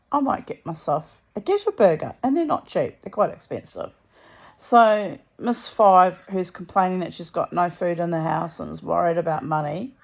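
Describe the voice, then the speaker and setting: Tired chatty woman, low voice. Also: gravelly, darkish tone. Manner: chatty, storytelling, many asides. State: tired and unwell. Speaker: vlogger. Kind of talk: casual rambling monologue. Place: lying in bed at home.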